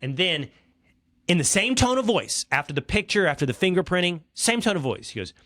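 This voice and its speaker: A middle-aged man from Texas, hosting a podcast, telling an exasperated, comic story that swings from hushed asides to loud outbursts. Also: sits high, big pitch swings, a little fast, no echo. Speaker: podcast host. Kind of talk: animated storytelling monologue.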